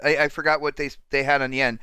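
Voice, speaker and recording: A man's voice: medium pitch, quick pace, smooth, dry recording. A man hosting a casual podcast panel, teasing his guests and calling them dude and man. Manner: excitable, teasing, calls people dude and man. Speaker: podcast host.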